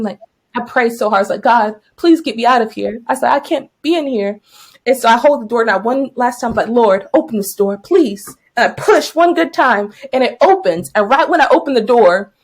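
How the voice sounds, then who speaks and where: A young woman with a high, lively voice tells a story in casual podcast chat. She acts out her own cries and thoughts, and her pitch swings up and down as she talks. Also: a little fast. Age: young adult. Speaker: podcast co-host, teacher.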